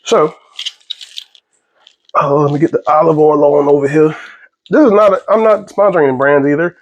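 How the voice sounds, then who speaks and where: Cooking in his home kitchen, a young man talks casually for his vlog, jokey, rambling and quick to get sidetracked. The fairly high voice moves at a moderate pace, with the highs cut off and a little hiss or hum.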